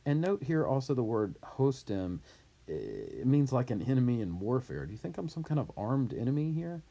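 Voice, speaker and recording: A man teaching from a Latin reader, reading each line and then translating and explaining it, with his voice leaping up for the shouted quotes. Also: mid-range voice, animated, fairly quick. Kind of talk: reading aloud and explaining a textbook.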